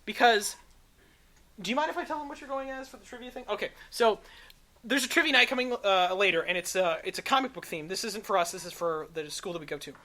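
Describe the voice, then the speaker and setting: A woman's voice: mid-range voice, fast talker, fairly bright tone. A young woman co-hosting a casual podcast, chatty and rambling with lots of fillers, into a studio microphone. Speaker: podcast co-host.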